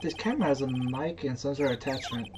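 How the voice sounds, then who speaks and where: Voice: mid-range voice, fairly quick, noisy background. Chatty game dubber reading aloud. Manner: chatty, playful asides and mumbled reading. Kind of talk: reading a game's text aloud in several voices.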